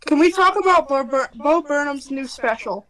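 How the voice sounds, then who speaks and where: A woman's voice: high voice, expressive, moderate pace, a bit bright. A young woman chatting playfully during a gaming stream, teasing her co-streamer. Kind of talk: casual gaming stream chat.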